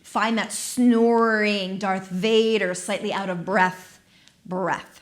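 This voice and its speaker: A woman movement instructor guiding an exercise class on a dedicated microphone, gentle, playful and encouraging, with soft laughs. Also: mid-range voice, steady tone, slow pace. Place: studio.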